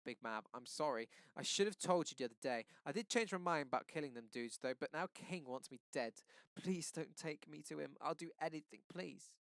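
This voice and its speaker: A man reading aloud and voicing a frightened teenage boy who speaks in a rushed, pleading way. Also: lively intonation, vocal fry, a bit bright, dry recording. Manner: pleading, rushed and raised in pitch. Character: scared, desperate teenage boy.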